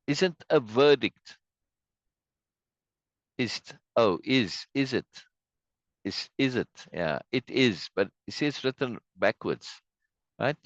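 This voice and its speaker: A man's voice: medium pitch, animated, takes it slowly, long pauses, no room sound, muffled recording. A man hosting a casual play reading, chatty and musing, with frequent asides and laughs, on a video call. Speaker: host reading a play aloud.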